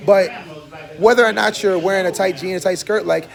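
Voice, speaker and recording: A man with a high, gravelly voice talks loosely in a barbershop, animated and quick to mimic his friends. His delivery is casual banter with plenty of fry on the low ends of his lines. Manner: animated, laughing, mimics others. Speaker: podcast host.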